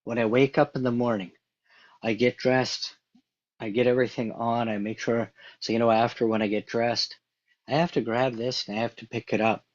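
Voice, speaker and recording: A man's voice: mid-range voice, level tone, moderate pace, highs cut off. A man giving an earnest, conversational motivational talk, repeating his points as he goes. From Canada. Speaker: motivational speaker.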